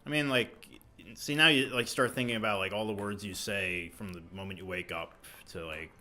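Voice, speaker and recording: A man's voice: on the low side, a little fast, sharp tone. A young man chatting on a podcast, easygoing and filling his talk with "like". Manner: lots of "like" fillers, easygoing. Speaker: podcast co-host. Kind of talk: casual chat.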